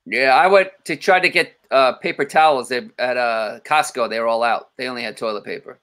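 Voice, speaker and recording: A man in his thirties, a comedian guest on a casual podcast, telling stories with lively quoted voices. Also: mid-range voice, a little fast, clear, resonant tone. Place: home, remote call.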